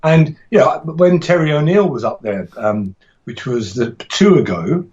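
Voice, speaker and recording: A man's voice: a little high, expressive, unhurried, darkish tone, dull audio. A man talking casually as a podcast guest about teaching martial arts, rambling and enthusiastic, with frequent restarts and laughs.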